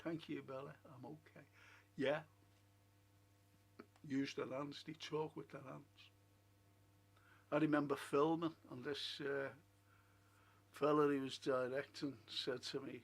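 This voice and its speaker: A man's voice: on the high side, level tone, measured pace, vocal fry, pauses often. A man hosting a casual live stream, chatting in a rambling way, musing aloud and reading out viewer comments. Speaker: livestream host. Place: at home.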